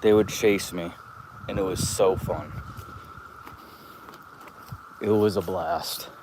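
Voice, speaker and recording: A man's voice: sits low, fairly even intonation, unhurried, darkish tone, a little hiss or hum. A man in his thirties, talking casually and profanely as he walks outdoors, telling stories in a chatty, rambling way. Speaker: vlogger. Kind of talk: casual rambling walk-and-talk. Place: outdoors, walking around an open lot.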